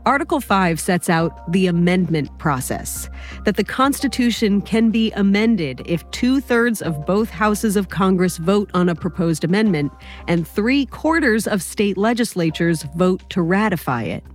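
Woman co-host reading clear summaries. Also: medium pitch, lively intonation, unhurried, soft background music. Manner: clear, scripted linking summaries. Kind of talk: scripted podcast narration.

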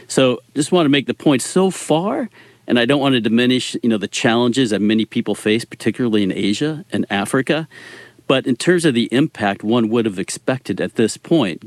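Male expert guest, low voice, measured conversational delivery. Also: no echo. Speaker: energy research executive guest. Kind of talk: radio interview.

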